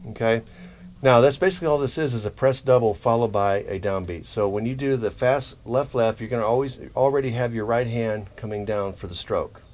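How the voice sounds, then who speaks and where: A man teaching drum rudiments in a relaxed, explanatory way, often checking in with "okay?". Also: mid-range voice, fairly quick. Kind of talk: instructional demonstration.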